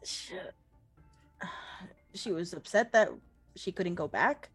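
A woman playing a tabletop game, animated and prone to swearing between laughs. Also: fairly low pitch, takes it slowly, breathy edge, soft background music. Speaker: player. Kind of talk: casual tabletop play.

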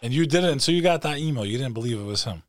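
A man hosting a podcast, asking quick, conversational follow-up questions. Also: mid-range voice, lively intonation, dry recording, clean studio sound. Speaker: podcast host. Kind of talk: casual interview.

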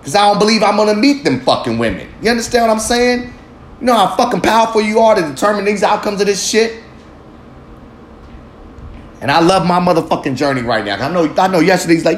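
A man's voice: a little high, very animated, brisk, a little hiss or hum. Profane man riffing in an echoey room. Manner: heavily profane, emphatic, talks to himself. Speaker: vlog host. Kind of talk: casual motivational monologue. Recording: echoey room with faint ambience.

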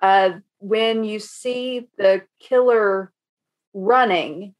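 Chatty animated woman co-host. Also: medium pitch, drawn-out words. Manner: animated storytelling, acts out her own reactions, casual swearing. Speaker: podcast co-host reviewing a horror movie. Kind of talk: casual chat.

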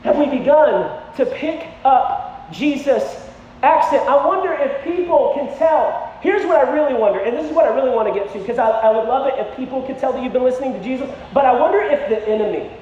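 A man preaching in a large hall, his voice very high and ringing with long reverb. He talks casually and keeps checking in with "okay?", then builds to loud, emphatic peaks. The sound is dull and lo-fi. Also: expressive, brisk, distant mic, slight background noise. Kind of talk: sermon with storytelling.

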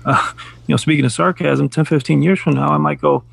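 A middle-aged man with a gravelly, somewhat husky voice, chatting on a casual podcast. He tells stories in a reflective, measured way and chuckles at his own jokes. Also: fairly high pitch, steady tone. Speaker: podcast co-host. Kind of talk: casual chat.

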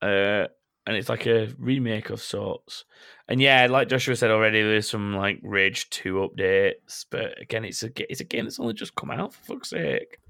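A man's voice: lowish voice, expressive, normal speed, creaky, bright, forceful tone. A man co-hosting a casual gaming podcast, ranting bluntly and swearing freely. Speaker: podcast co-host.

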